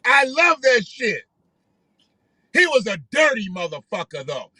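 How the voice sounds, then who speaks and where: A man with a high, piercing voice talks straight into a close microphone in a dry, dead-sounding space. He rambles through casual live-stream commentary, swearing freely and circling back to repeat his points. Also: very animated, unhurried, bright, forceful tone, breathy edge, no room sound. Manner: rambling, profane, repeats himself. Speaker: livestream host.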